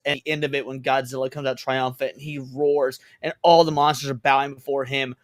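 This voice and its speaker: A man's voice: mid-range voice, level tone, fairly quick, no echo, clean studio sound. A middle-aged father in casual podcast chat, telling stories bluntly and swearing freely. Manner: blunt, profane storytelling. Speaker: podcast co-host.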